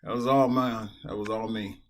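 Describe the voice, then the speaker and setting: Sitting at a computer indoors, a lowish-voiced man with fairly even intonation streams online poker at normal speed, with slight background noise. He talks casually as he plays, venting and cursing a lot.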